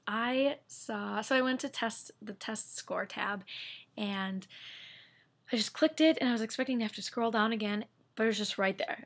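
A young woman, telling a story to her followers in a chatty, excitable way, full of fillers. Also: mid-range voice, vocal fry, husky. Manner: chatty, excitable, many fillers like "like" and "I don't know". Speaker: medical student vlogger. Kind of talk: casual storytelling vlog.

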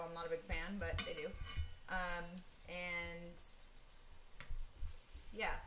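A woman's voice: fairly low pitch, noisy background. A woman hosting a casual cooking live stream, talking in a chatty, slangy way and laughing often. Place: home kitchen. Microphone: camera held by someone else. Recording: echoey kitchen from far off. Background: frying and sizzling.

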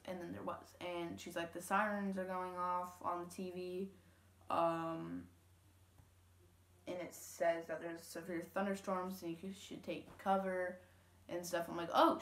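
In a reverberant room at home, a teenage girl from Louisiana, USA, vlogs a story straight to camera. She rambles casually in a lowish voice, leaning on lots of fillers and quoted lines.

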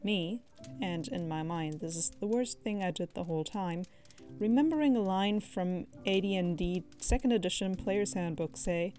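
A woman reading a tabletop game story aloud, in a measured way with dramatic emphasis. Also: lowish voice, warm tone, faint music behind. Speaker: story narrator.

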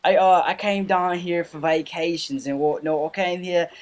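A man's voice: fairly high pitch, steady tone, moderate pace, voice pushed up, natural voice. A man putting on a British accent to play a young university student from London. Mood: playful.

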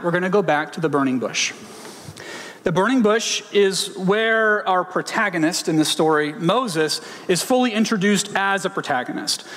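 A fairly high-voiced man gives a sermon-style teaching. He reads scripture passages aloud, mixes in Hebrew words and poses rhetorical questions. His voice carries a long reverb, as from a large hall.

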